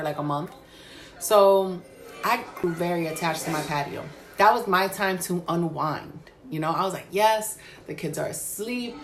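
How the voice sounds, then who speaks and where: A woman in her thirties recounts a scary night at home in a relaxed, chatty storytime. She swears constantly and keeps the telling animated. Her pitch sits in an ordinary middle range. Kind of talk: casual storytime.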